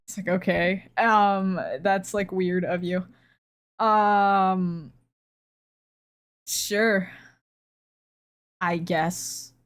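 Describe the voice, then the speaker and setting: A woman's voice: medium pitch, fairly even intonation, drawn-out words, pauses often, clean tone. A young woman streamer chatting casually, ranting in a rambling, profane way with frequent laughs.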